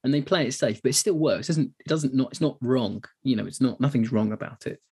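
Gravelly English man chatting casually. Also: mid-range voice, fast, a little mellow. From England. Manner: chatty, loose and rambling with many restarts. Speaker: podcast co-host. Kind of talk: casual chat.

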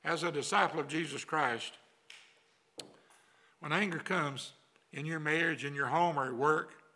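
A man's voice: on the high side, unhurried, bright, forceful tone. An older man preaching a sermon as pastor, in a folksy, repetitive cadence. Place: church sanctuary.

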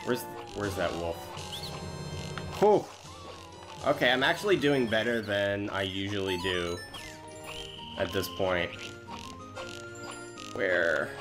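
A chatty man narrates his own gameplay with a lively, up-and-down voice and pokes fun at himself as he plays. He speaks into a close mic with game music running underneath. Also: lowish voice, takes it slowly, pauses often. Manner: chatty, self-deprecating, thinks aloud while playing. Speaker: let's play host. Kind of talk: casual gameplay commentary.

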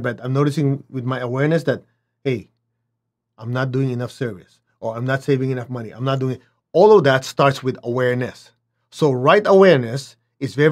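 A man teaching a spiritual lesson, who often checks in with his listeners and acts out little dialogues with big swings in pitch. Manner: asks listeners to check in, "okay?", "make sense?".

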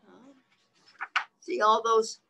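A woman reads a storybook aloud to small children at an unhurried pace, lingering on every line. Her voice sits a little high, and she slips in gentle questions to her young listeners between the pages. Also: monotone, rough recording. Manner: slow sing-song reading, stops to ask the listening children questions. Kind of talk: reading a picture book aloud to young children.

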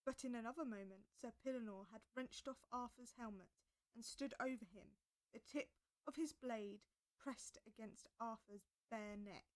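A woman narrating a storybook aloud with expressive delivery. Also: a little high, moderate pace.

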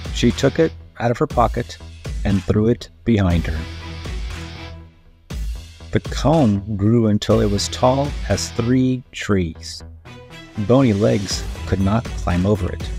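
A man narrating a children's story aloud, gentle and deliberate. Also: on the low side, gravelly.

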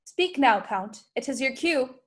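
A teenage girl playing a witty, sharp-tongued young noblewoman in a Shakespeare school play over a video call, full of quick mocking wordplay. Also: high-pitched, animated. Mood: teasing. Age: late teens. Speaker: student actor. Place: home.

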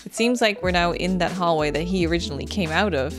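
Over game music and rain, a fast-talking young woman with a lowish voice comments on the game she's playing. As a gameplay streamer doing let's play commentary, she swears freely and cheers herself on.

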